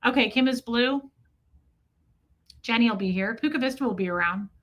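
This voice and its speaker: A woman's voice: on the high side, moderate pace, fairly bright tone. A woman hosting a casual livestream, chatting loosely and reading out viewers' names and comments. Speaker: livestream host. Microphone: streaming setup mic.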